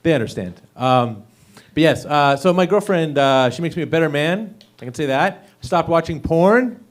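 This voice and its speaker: A young man in a comedy club, telling jokes into a handheld stage mic. His voice sits a little high for a man, and his awkward, self-deprecating patter is full of "uh" and "you know.". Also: animated, normal speed. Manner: awkward, self-deprecating delivery with frequent fillers and laughs. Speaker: stand-up comedian. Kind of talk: stand-up set at an open mic.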